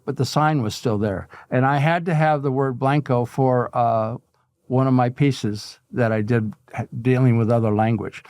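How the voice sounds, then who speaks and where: An older man tells stories as an interview guest, animated and quick to chuckle. His voice sits a little high for a man. The sound is close and dry. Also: no echo. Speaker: guest artist. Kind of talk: casual storytelling interview.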